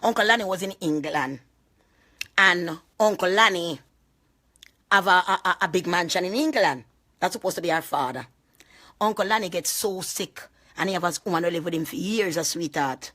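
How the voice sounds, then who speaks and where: A woman with a Jamaican accent speaks in heavy patois, swearing freely and rambling through an emotional live-stream rant, with loud bursts and laughter. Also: fairly low pitch, normal speed. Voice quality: heavy patois, frequent cursing. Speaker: vlogger.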